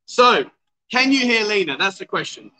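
A man's voice: high-pitched, very animated, moderate pace, bright, forceful tone, slight background noise, low-quality recording. A man hosting a casual livestream chat show at a bar, teasing and coaxing his guests. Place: outdoor bar.

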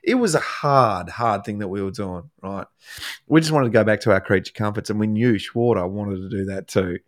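A man's voice: on the low side, moderate pace, no echo, studio quality. A middle-aged man with an Australian accent, hosting a casual interview and telling stories with frequent laughter. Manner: storytelling, laughs often. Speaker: podcast host, former footballer.

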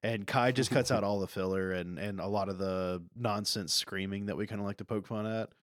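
A young adult man co-hosting a podcast, casually recapping a movie and acting out character lines with animated bursts. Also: on the low side, brisk, no echo, studio quality. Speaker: podcast co-host.

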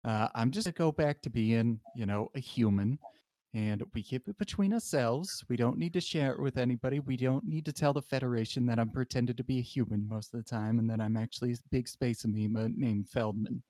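A flustered alien captain hiding as a human rambles through an awkward confession, as a man improvises him. The voice sits at an ordinary middle pitch. It is recorded dry and close, with no room sound. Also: brisk, dark tone, no room sound. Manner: rambling, sheepish, hesitant. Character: male space-amoeba starship captain posing as human. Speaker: improv player and scene runner. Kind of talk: improvised sci-fi role-play.

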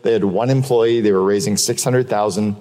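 A man with a fairly low, dark voice and fairly even intonation speaks briskly at a live business keynote. Candid and profane, he tells stories and repeats points for emphasis, captured with long hall reverb.

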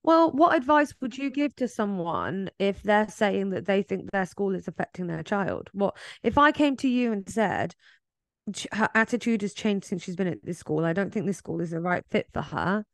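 A woman's voice: mid-range voice, lively intonation, moderate pace, dry recording. A woman co-hosting a casual chat, listening supportively and asking questions. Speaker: podcast co-host.

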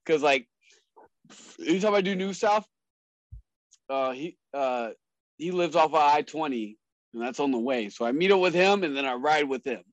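A man's voice: fairly high pitch, normal speed, long pauses, no echo, dull audio. A man, a guest on a casual podcast, telling stories with frequent laughter and lots of swearing. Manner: laughing often, profane, animated storytelling.

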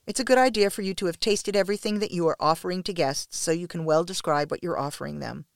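Smooth, dry-voiced woman storyteller. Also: lowish voice, fast talker, no room sound. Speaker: narrator. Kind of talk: first-person story reading.

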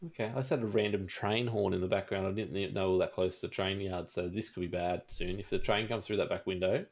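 Australian man, podcast host, lowish voice, lively storyteller. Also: fast. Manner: animated storyteller, mimics people in stories. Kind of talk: casual chat.

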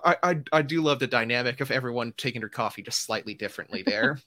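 Bright-voiced man running a tabletop game. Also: medium pitch, quick pace. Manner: casual, rambling, filler-heavy. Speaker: game master.

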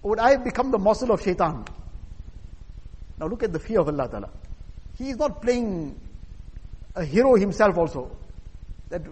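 A man's voice: sits high, sing-song, moderate pace, long pauses, slightly rough. A man preaching a sermon, telling a story earnestly and voicing the people in it. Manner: earnest narrative telling with quoted dialogue. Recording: long hall reverb.

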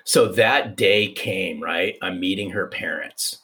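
A man in his fifties, a podcast guest telling a personal story in an animated, repeating way. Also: sits low, slow pace. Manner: animated, restarts, repeats for emphasis. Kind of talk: conversational storytelling.

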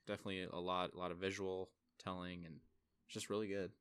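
A young man co-hosting a casual film review podcast. He is animated and acts out his own reactions with big leaps in pitch. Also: quick pace, smooth, no echo, studio quality. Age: young adult. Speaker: podcast co-host.

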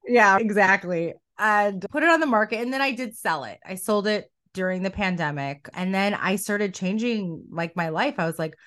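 A middle-aged woman coach, a podcast guest telling her life story with quoted thoughts and animated asides. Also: medium pitch, moderate pace, few pauses. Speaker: coach and academy founder.

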